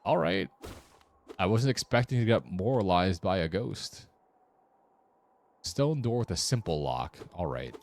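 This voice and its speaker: A man's voice: deep voice, expressive, a little slow, creaky, long pauses, darkish tone. A man streaming a game with casual, wry commentary, muttering sarcastic asides to himself.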